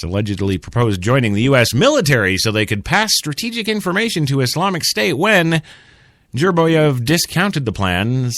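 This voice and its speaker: A man's voice: medium pitch, fairly bright tone, dry recording, studio quality. A man hosting a talk radio show, delivering blunt, profane commentary with stammering restarts and laughing at his own jokes.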